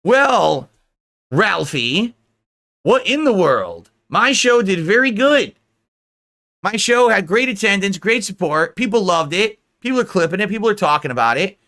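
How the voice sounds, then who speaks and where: A man's voice: high-pitched, animated, moderate pace, bright, forceful tone. A man hosting a livestream, ranting heatedly with profanity and mockery. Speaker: streamer host. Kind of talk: livestream rant and chat.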